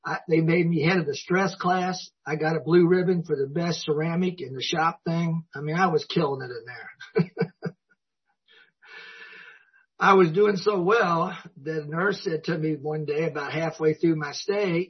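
A man tells his story to a recovery meeting crowd in a husky, slightly raised voice. He is folksy and self-mocking and chuckles often, and the recording sounds dull and lo-fi. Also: on the high side, measured pace. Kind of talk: personal story told to an audience.

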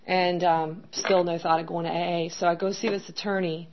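Her lowish voice barely moves in pitch and runs at normal speed as this middle-aged woman candidly recounts her recovery as testimony. She rambles with many fillers, and the dull lo-fi audio carries faint background noise.

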